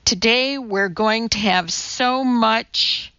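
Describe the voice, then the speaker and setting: A woman's voice: fairly high pitch, slow, bright, forceful tone, clear, resonant tone, dry recording, muffled recording, voice pushed up. A woman voicing a blunt, serious woman who hosts a cooking show, speaking sternly and directly.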